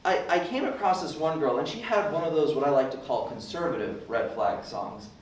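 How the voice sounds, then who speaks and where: Rambling young comedian in an echoey room. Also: male voice, on the high side, lively intonation, a little fast. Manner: rambling, self-deprecating, puts on ranting voices. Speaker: stand-up comedian. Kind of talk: stand-up comedy set. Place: club open mic room. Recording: echoey room, distant mic, faint hiss.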